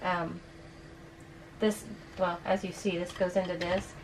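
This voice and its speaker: An RV vlogger gives a casual walkthrough of her motorhome, chatting as she points out features. Her fairly low voice is flat and unhurried, and she sounds out of breath. She sits a little away from the mic, so the rough recording picks up faint ambient noise underneath.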